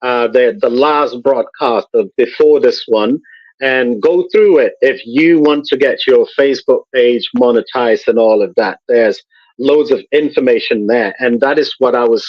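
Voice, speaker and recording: A man guest in a casual conversation, talking in a measured, thoughtful way and repeating words as he searches for them. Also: mid-range voice, no echo, highs cut off. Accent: noted accent, admired by host.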